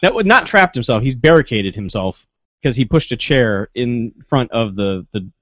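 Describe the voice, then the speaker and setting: A man co-hosting a casual movie review chat, animated and acting out lines. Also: medium pitch, normal speed, no room sound, dull audio. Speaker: podcast co-host.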